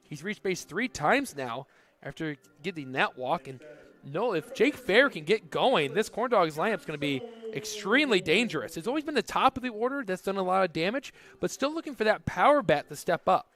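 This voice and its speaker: A man calling baseball play-by-play, mixing pitch calls with jokey casual chat. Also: sing-song, brisk, fairly bright tone. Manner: jokey, conversational between pitches. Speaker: play-by-play announcer.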